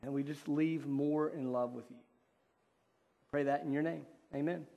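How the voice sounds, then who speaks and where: Male pastor, somewhat high voice, earnest conversational sermon, slow deliberate scripture reading. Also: fairly even intonation, vocal fry, lo-fi sound. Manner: earnest, conversational preaching with fillers.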